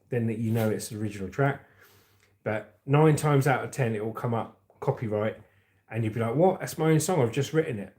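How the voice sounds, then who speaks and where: A man's voice: mid-range voice, darkish tone. Chatty middle-aged man streaming. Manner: rambling, chatty, reads out viewer comments. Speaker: livestream host. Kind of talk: casual livestream chat.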